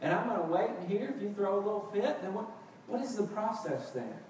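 A man's voice: sits high, very animated, a little fast, a little mellow, a little hiss or hum. A man preaching a sermon as pastor, building to emphatic, impassioned outbursts. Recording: echoey hall, picked up from a distance.

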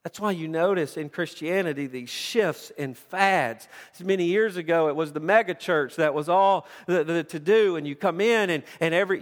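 A man preaching a sermon with passion, often repeating words as he builds his point. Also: sits high. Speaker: pastor. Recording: long reverb of a large hall.

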